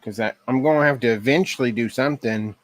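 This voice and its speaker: A man's voice: mid-range voice, quick pace, no echo. A man with a Texas twang, chatting casually with viewers while painting on a crafts live stream. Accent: Texan.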